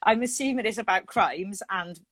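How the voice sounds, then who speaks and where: A woman's voice: mid-range voice, normal speed, fairly bright tone. A woman co-hosting a podcast in casual, rambling, self-mocking chat. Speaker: podcast co-host.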